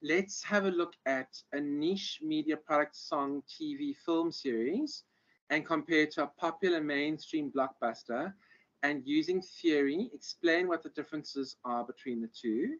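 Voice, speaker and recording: A man's voice: fairly high pitch, measured pace, fairly bright tone. Man lecturing over a muffled call. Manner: rambling, many ums and restarts. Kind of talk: online lecture. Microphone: video call. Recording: muffled lo-fi audio.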